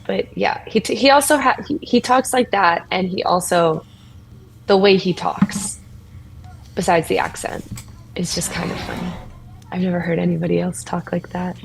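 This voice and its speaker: A woman's voice: lowish voice, fairly even intonation, gravelly, slight background noise, rough recording. Woman playing a shy stammering young champion. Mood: tender. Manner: halting, stammering, many restarts. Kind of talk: in-character tabletop role-play.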